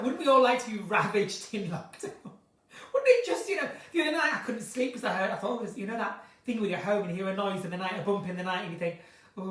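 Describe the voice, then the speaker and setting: A woman hosting a casual live chat from her kitchen at home, theatrical and chatty, swinging between bright exclamations and low asides. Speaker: live-stream host chatting with viewers. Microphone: phone or webcam in a live stream. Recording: roomy, distant from the mic.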